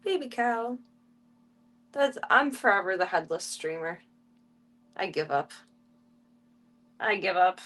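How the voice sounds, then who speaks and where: A woman streaming casually, chatting to viewers and cooing baby talk to tiny animals in a soft, playful way. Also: medium pitch, expressive, takes it slowly, long pauses. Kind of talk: casual live-stream chat.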